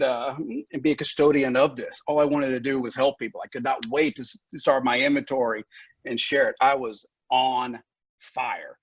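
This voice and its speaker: A man's voice: medium pitch, steady tone, normal speed, husky, dry recording. A man speaking as a podcast guest, telling his recovery story candidly with frank, profane language, frequent laughs and moments of emotion. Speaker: guest, recovery center founder. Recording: dull lo-fi podcast audio.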